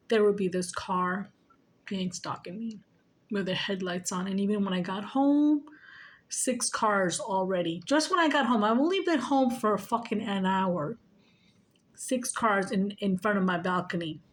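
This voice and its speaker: Profane, rambling woman vlogger. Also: mid-range voice. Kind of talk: casual rant to camera.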